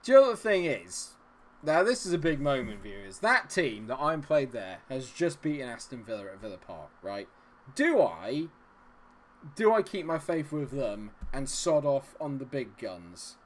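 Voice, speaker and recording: A young adult man hosting a live gameplay stream, chatting with viewers and cheering loudly at the game. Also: medium pitch, very animated, unhurried. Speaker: gaming livestream host. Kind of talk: live gameplay commentary and chat reading.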